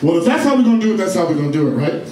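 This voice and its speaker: A man doing a stand-up comedy set, sassy, brash and profane, with loud outbursts. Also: high-pitched, sing-song, rapid-fire, a crowd in the background. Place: comedy stage before a live audience. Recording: echoey live room from far off, audience.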